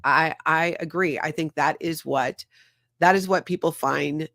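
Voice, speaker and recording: A woman's voice: low-pitched, unhurried, a bit bright, no room sound, clean studio sound. Earnest woman hosting a livestream. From former member of a high-control group. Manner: earnest, confiding, reads viewer comments aloud. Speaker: livestream host. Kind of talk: candid livestream commentary.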